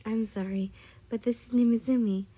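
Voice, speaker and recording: A woman's voice: fairly high pitch, fairly even intonation, normal speed, warm tone, natural voice. A woman voicing a protective young mother, soothing her child, in a read-aloud fan story.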